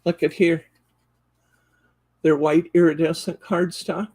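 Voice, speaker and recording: Deep, dark, and husky, her voice has a flat delivery and a slow pace. Hosting a live show-and-tell for a craft store, she gushes enthusiastically over the card stock packs, counting sheets out loud while leafing through them.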